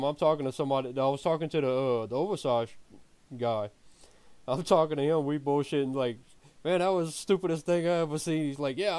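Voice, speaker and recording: A man's voice: on the high side, darkish tone, clear, resonant tone, no echo. A man streaming, telling a story in a casual way, laughing often and swearing freely.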